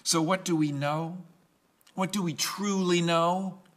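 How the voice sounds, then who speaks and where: A male pastor preaching a sermon in a slow, emphatic way, pausing and repeating key phrases. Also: sits high, steady tone.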